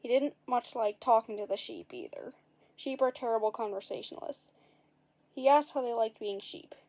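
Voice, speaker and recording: A woman with a fairly high voice reads a storybook aloud in a relaxed way. She drops in wry, dry asides and cheerfully corrects her own slips as she goes. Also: moderate pace. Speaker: narrator. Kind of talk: casual storybook read-aloud.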